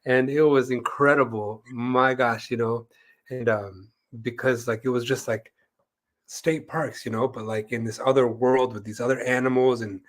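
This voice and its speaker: A man with a voice of ordinary pitch tells a long story as co-host of an interview show. He talks in a loose, rambling way, full of fillers, and acts out the voices of the people he quotes. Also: steady tone, moderate pace. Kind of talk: casual storytelling in conversation.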